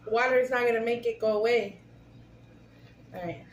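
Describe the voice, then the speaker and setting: A woman's voice: on the high side, steady tone, normal speed. A woman hosting a casual food-tasting vlog, chatty and giggly, talking straight to her viewers. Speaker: vlog host. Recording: echoey room with faint hiss.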